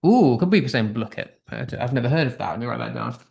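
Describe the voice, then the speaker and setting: A man's voice: mid-range voice, animated, fast talker, creaky, darkish tone. A man with a British accent teaching an online English class, upbeat and thinking aloud as he reads out quiz answers. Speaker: English tutor.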